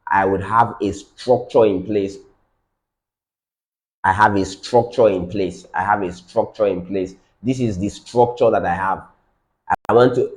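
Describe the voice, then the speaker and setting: Emphatic low-voiced man teaching. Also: darkish tone. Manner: repetitive, emphatic, repeats key phrases. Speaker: business trainer. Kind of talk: live-streamed teaching session.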